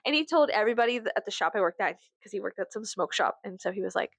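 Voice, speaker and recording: A young adult woman vlogging in a casual, profane storytelling rant, acting out the people she quotes. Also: no echo. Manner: profane, animated, quick asides; acts out quoted people with big pitch jumps.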